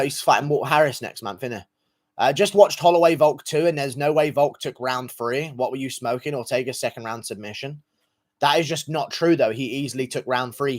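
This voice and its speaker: A young man livestreaming, reading out donations in crude, profane, mocking banter. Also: mid-range voice. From England. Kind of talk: casual live-stream chat.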